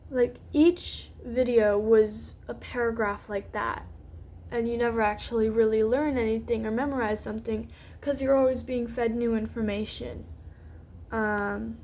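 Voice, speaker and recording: Young woman youtuber rambling slow, kinda hoarse, lots of ums and restarts. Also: a little high, darkish tone. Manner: rambling, hesitant, many fillers and restarts. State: losing her voice. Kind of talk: rambling unscripted vlog talk.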